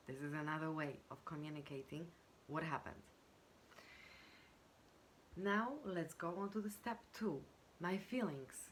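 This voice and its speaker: In a low voice, a woman coaches on communication, walking through ideas step by step in a measured manner with frequent pauses and fillers. Now and then she acts out example sentences in this explanatory teaching talk, with slight background noise.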